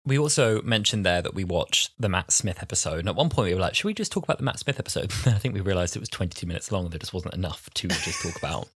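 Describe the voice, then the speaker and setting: A man's voice: low voice, quick pace, few pauses, husky, dry recording. A man in his twenties co-hosting a podcast, chatting casually and rambling with lots of filler words. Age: 20s. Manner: rambling, heavy use of "like" and "you know". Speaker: podcast co-host. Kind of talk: casual chat.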